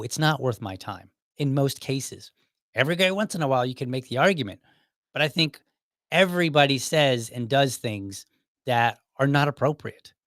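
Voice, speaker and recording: Podcast host, male, 30s, mid-pitched, conversational and exasperated, dry booth sound. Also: a bit bright, dry recording. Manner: conversational, exasperated, many restarts and quoted asides. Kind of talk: casual solo commentary.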